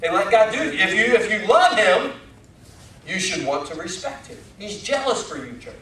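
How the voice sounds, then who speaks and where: Male pastor, high voice, chatty sermon style, echoey sanctuary recording. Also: very animated, moderate pace, sharp tone. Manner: conversational, folksy, with rising emphatic questions. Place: church sanctuary. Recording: echoey church from far off.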